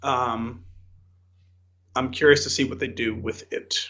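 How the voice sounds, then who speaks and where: A man's voice: medium pitch, fairly even intonation, measured pace, pushed and bright, dull audio. A man co-hosting a casual podcast, telling stories in a rambling way full of "like" and "um". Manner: rambling, filler-heavy storytelling with frequent "like" and "um". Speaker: podcast co-host.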